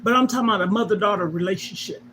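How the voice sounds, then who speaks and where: A woman's voice: medium pitch, very fast, a bit bright, a little hiss or hum. Emphatic middle-aged grandmother preaching to viewers. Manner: emphatic, preachy, repeats key points. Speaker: livestream host. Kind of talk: emotional personal talk to viewers.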